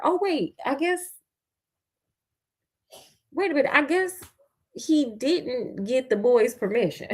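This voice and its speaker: A woman's voice: sits high, animated, a little slow, long pauses. Sassy woman reading a fairy tale aloud. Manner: sassy, slangy, playful commentary between passages. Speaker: storyteller.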